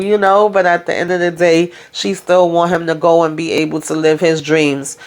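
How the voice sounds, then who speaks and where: A woman's voice: on the low side, little pitch movement, moderate pace, hardly any pauses. A woman hosting a casual TV episode recap, chatty, retelling scenes by quoting the characters, with lots of "you know" and "like.". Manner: heavy use of "you know" and "like" fillers. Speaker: TV recap host.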